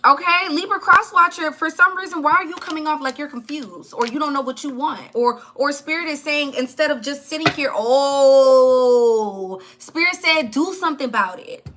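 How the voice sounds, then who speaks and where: High, bright-voiced woman reading tarot. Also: a little fast, few pauses, a little hiss or hum. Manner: chatty, blunt, laughs at her live chat. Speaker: tarot reader.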